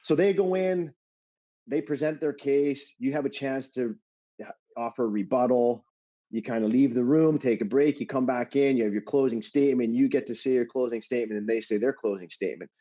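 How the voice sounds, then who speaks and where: Middle-aged male podcast guest, lively storyteller, dull lo-fi recording. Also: medium pitch, brisk. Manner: animated, laughing storyteller with many fillers. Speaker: guest, former hockey player. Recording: dull lo-fi sound.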